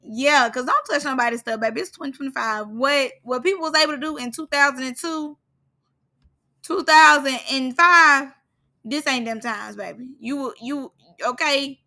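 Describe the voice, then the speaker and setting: A woman casually recapping a reality show for her followers, animated and slangy, often breaking into laughter. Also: high voice, moderate pace. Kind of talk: casual gossip commentary.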